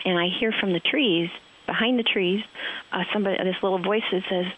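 A woman's voice: medium pitch, fairly quick, fairly bright tone, highs cut off. A woman fly fishing guide telling a heartfelt story in conversation, rambling and emotional with many fillers.

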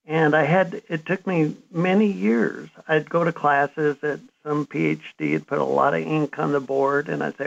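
A man in his fifties answers an interview question at length, earnest and reflective as he recounts his path. His voice sits a little high with a gravelly edge. The recording sounds dull and lo-fi. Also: fairly even intonation, normal speed, few pauses. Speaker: interview guest, author.

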